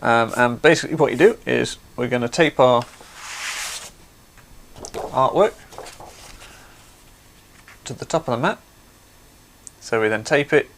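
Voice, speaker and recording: A man's voice: mid-range voice, measured pace, vocal fry, pauses often, a bit bright, slight background noise. A man hosting a craft livestream, chatty and explaining things step by step. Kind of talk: casual demonstration.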